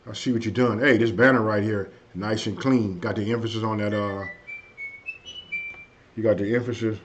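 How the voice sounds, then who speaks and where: A man hosting a casual live stream, chatting loosely with viewers and saying his energy is low tonight. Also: fairly even intonation, moderate pace, background noise. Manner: loose and conversational, frequent "hey" and "you know what I mean". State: a bit under the weather, low energy. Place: at home. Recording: dull lo-fi stream audio.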